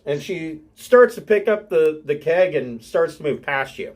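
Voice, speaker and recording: A man narrating as game master of a tabletop game, unhurried and often clearing his throat. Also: fairly high pitch, animated, a little mellow.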